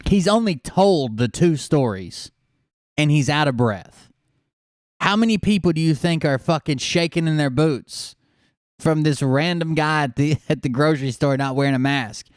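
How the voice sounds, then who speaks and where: A man's voice: fairly high pitch, a little slow, no echo, clean studio sound. A man hosting a show, giving casual, mocking commentary on clips. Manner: mocking, sarcastic.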